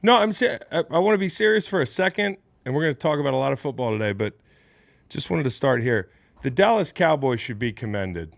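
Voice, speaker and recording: A man in his late thirties hosting a casual sports podcast, animated and joking, with plenty of swearing. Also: medium pitch, brisk, vocal fry, no room sound. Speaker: podcast host.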